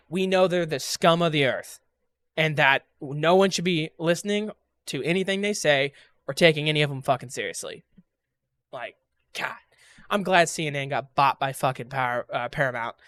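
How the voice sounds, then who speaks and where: A man's voice: a little high, a bit bright, clear, resonant tone, dry recording. A man reacting to news clips in an angry, profane rant. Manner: angry, swearing, blunt. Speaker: reaction streamer. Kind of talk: profane ranting reaction commentary.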